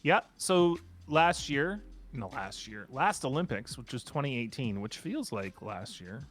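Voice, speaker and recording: Here a man from Canada co-hosts a podcast in an unhurried, mid-range voice. Lively and talkative, he jokes around while passing along trivia.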